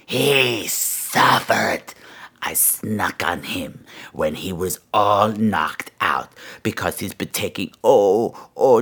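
A man voicing a gleeful, vicious male gargoyle on a comedy podcast, gloating and swinging between shrill squeals and low growls. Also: husky. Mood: menacing. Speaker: podcast host. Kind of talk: comedy podcast character monologue.

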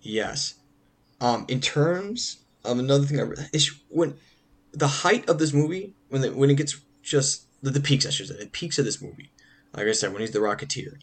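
A man co-hosting a casual film podcast, rambling and often restarting sentences while he hunts for words. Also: mid-range voice. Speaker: podcast co-host.

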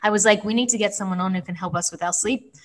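A woman in her mid-thirties co-hosting a relaxed talk show. She talks candidly and at length, leaning on fillers as she goes. Her voice sits at an ordinary middle pitch. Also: fast talker. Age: 30s. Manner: chatty, candid, rambling with fillers. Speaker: co-host. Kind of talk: casual chat.

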